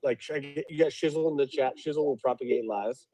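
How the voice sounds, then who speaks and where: A man's voice: medium pitch, fast talker, poor audio. A man who is a guest on a live stream, chatting casually in a rambling way. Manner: rambling, lively delivery.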